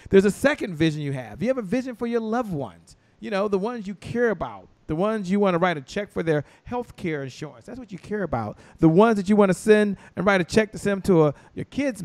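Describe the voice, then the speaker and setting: A man hosting an online motivational show, telling stories with lively acted-out voices. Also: high voice, no room sound. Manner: preacher-like storytelling with acted-out voices. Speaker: show host.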